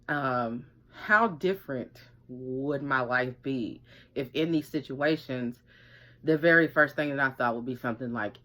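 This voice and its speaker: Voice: medium pitch, bright, forceful tone. A survivorship coach telling a personal story in loose, casual talk, rambling with lots of fillers and acting out quoted speech. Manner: rambling, many "like" and "you know" fillers, acts out quoted speech.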